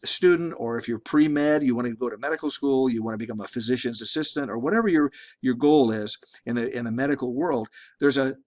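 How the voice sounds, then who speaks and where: In a recorded statistics lecture, a middle-aged man teaches conversationally, frequently restarting and repeating words. He speaks fairly quickly with few pauses, in a medium-pitched, slightly mellow voice.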